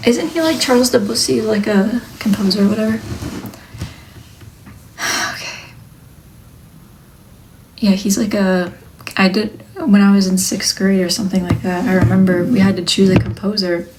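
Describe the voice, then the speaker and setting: A young woman, a wood-burning artist, chatting casually on a live stream, joking and now and then dropping into a soft near-whisper. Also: mid-range voice, moderate pace, pauses often, background noise.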